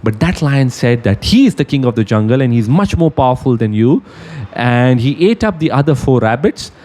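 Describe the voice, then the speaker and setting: A man voicing a clever, wily old male rabbit who explains things calmly and cunningly in a spoken fable. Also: medium pitch, moderate pace, lightly acted. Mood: explaining.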